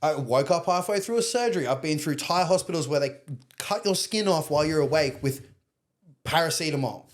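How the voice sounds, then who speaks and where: A man's voice: on the high side, animated, brisk. A young Australian man, a podcast guest, telling a long personal story in a candid, rambling way with plenty of swearing. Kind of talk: casual storytelling interview.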